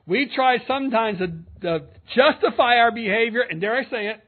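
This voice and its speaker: Male pastor, earnest expository sermon, high-pitched, thin telephone-line quality. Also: expressive, moderate pace. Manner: earnest, reads scripture aloud and comments between verses. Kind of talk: expository sermon with scripture reading. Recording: narrow phone-like sound.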